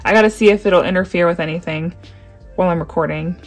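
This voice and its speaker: A young woman vlogger chatting excitedly through an unboxing. She gasps often and keeps saying how much she loves each item. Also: on the low side, quick pace, over music. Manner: gushing, gasping, repeats "oh my gosh".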